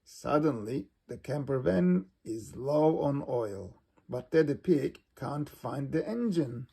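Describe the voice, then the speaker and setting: A man reads a children's picture book aloud at an unhurried pace. His voice is gravelly and slightly husky, with a mid-range pitch. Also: expressive, warm tone. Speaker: storybook reader. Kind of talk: reading a children's storybook aloud.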